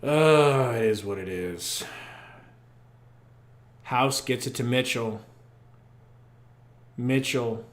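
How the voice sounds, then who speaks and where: A young man doing live fan play-by-play on a podcast stream, muttering then shouting as plays unfold, on a poor microphone. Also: mid-range voice, extremely slow, pauses often, roomy sound. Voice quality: profane, partisan fan commentary. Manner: excitable, swings from muttering to shouting. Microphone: poor quality microphone.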